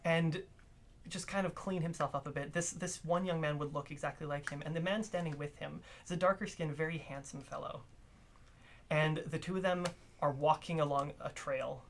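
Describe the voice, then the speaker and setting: A man's voice: fairly high pitch, fairly even intonation, normal speed, gravelly, a little hiss or hum. A man narrating a tabletop role-playing game as game master, telling the scene in a storytelling way. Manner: storytelling narration, laughs often with players.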